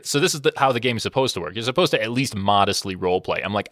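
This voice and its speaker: A man's voice: on the low side, very fast, hardly any pauses, dry recording, clean studio sound. A man in casual podcast chat about games, telling stories animatedly and acting out what people said. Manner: animated storyteller, acts out quoted lines. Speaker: podcast co-host.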